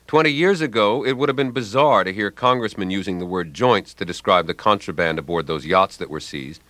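A man delivering a scripted radio commentary on language in a dry, wry and ironic manner, recorded in a quiet studio. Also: fairly low pitch, dry recording.

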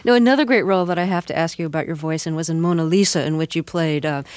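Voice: medium pitch, very fast, no room sound. A radio interviewer with a mid-range voice asks questions eagerly, often tripping over repeated words. The sound is dry and close. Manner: eager questions with stumbles and repetitions.

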